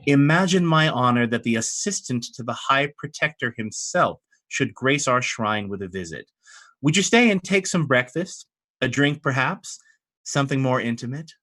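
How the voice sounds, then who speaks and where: A man's voice: medium pitch, expressive, moderate pace, pushed and bright, voice pushed up. A man voicing a seductive, flirtatious woman abbess in a tabletop game, teasing and inviting.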